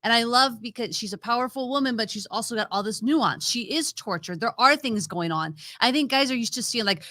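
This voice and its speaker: Woman, 30s, co-host; bright, slightly high voice, dry close sound, enthusiastic. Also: normal speed, hardly any pauses, no echo. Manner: enthusiastic, gushing. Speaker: podcast co-host. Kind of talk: casual chat.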